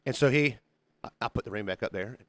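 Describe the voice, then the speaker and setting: A quick, animated man telling bar stories and playing out the people in them. His voice is bright and forceful, recorded close and dry with little room sound. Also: medium pitch, no echo. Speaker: podcast host. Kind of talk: casual podcast storytelling.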